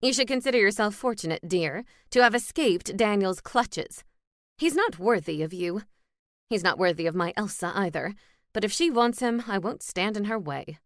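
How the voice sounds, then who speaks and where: Haughty older fairy mayor, read by a woman, patronizing, mid-pitched. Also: lively intonation, normal speed, no echo, clean studio sound, lightly acted. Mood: condescending. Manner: condescending, calls others dear.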